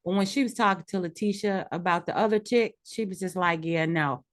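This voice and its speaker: A woman's voice: mid-range voice, steady tone, fairly quick. A woman co-hosting a casual chat recapping reality TV, frank and opinionated with a dry edge. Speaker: podcast co-host.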